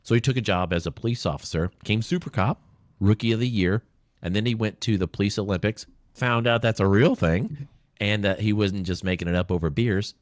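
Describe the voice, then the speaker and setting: Low-pitched man, earnest storytelling, dry close mic. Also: fairly quick, dry recording. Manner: earnest, emotional, storytelling with quoted voices. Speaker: podcast guest, veteran advocate. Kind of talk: conversational storytelling interview. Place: small room.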